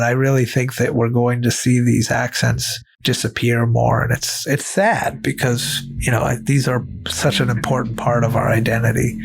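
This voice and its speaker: A man's voice: mid-range voice, gravelly. A man from Maine with a neutral American accent, chatting casually as an interview guest, rambling and correcting himself as he goes. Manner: rambling, self-correcting, laughs often. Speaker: guest comedian.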